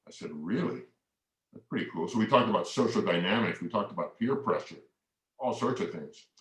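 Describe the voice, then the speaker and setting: Middle-aged male keynote storyteller, slightly low voice, heard from a distance in a roomy hall. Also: animated, brisk, fairly bright tone. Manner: acts out both sides of remembered dialogue. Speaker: keynote speaker. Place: large hall. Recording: echoey hall, mic far off.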